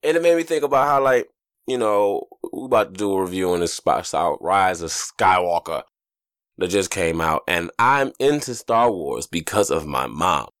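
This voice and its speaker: A man hosting a casual podcast, talking loosely and profanely, telling stories and jumping into high joking voices, while getting over a stomach flu. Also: normal speed, no echo, clean studio sound. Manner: loose, profane, animated storytelling with sudden high jokey voices. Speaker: podcast host. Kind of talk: casual solo podcast monologue.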